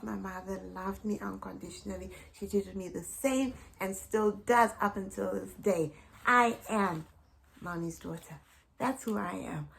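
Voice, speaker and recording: A woman's voice: mid-range voice, vocal fry. A middle-aged woman from Zimbabwe, telling heartfelt family stories to camera, repeating phrases and often laughing or tearing up. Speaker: vlogger. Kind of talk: personal storytelling to camera.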